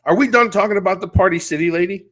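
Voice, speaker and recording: A man's voice: sits high, rapid-fire, fairly bright tone. Blunt, ranting middle-aged man. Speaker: podcast host. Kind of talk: casual chat.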